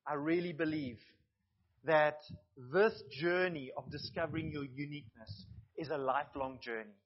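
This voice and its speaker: Man, pastor, sermon, earnest with asides, slightly high pitch, muffled lo-fi sound. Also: normal speed. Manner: earnest preaching with asides to the congregation.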